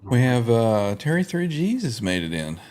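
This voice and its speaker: A man hosting a casual live stream chat. He greets viewers in a relaxed, welcoming way and clears his throat often. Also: mid-range voice, normal speed. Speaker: host.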